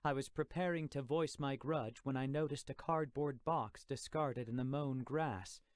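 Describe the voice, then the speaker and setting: Here a man narrates in first person for an audiobook, his mid-range voice measured and full of expression, and the audio has no echo.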